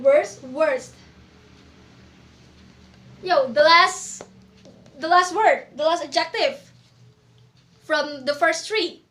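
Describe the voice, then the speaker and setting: A young woman teaching English grammar to a class, asking questions and repeating words slowly. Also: very high voice, sharp tone, reverberant. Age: young adult.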